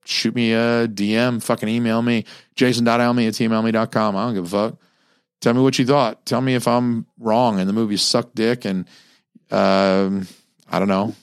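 Rambling, profane man with a low voice. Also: little pitch movement, normal speed, clean tone, no echo, studio quality. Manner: rambling, profane, many fillers and restarts. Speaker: podcast host. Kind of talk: casual solo movie review.

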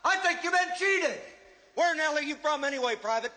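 An actor playing a brutal, foul-mouthed drill sergeant in a war film, barking insults at a recruit. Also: male voice, very high voice, animated, a little fast, pushed and bright, full character voice. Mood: barking abuse. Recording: film clip with long reverb.

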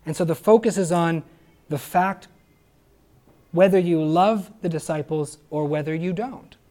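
A man preaching a sermon, earnest and emphatic, often pausing to ask his listeners rhetorical questions. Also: on the high side, mellow. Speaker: pastor.

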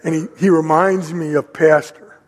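Older male pastor, high voice, hall reverb. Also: normal speed. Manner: animated storytelling, conversational. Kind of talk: sermon with personal story.

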